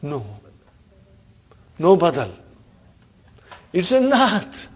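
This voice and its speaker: A man's voice: sits high, big pitch swings, very slow, husky. A man teaching an Arabic grammar class, quizzing students and repeating terms with frequent checks of "huh?". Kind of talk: classroom lesson.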